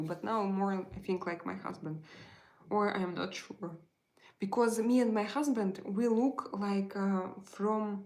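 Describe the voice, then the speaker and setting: A middle-aged woman with a Russian accent hosts a relaxed live chat, speaking in a halting way and often reaching for the right English word. Her speaking voice sits in the middle of the range for a woman. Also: medium pitch, low-quality recording. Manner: halting, searching for words, many fillers. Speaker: livestream host.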